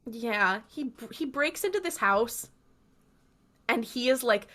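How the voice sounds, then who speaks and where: Bright, chatty woman recapping. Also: fairly high pitch, very animated, slow pace. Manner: chatty storyteller, acts out quotes. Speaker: podcast co-host. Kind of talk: casual recap chat.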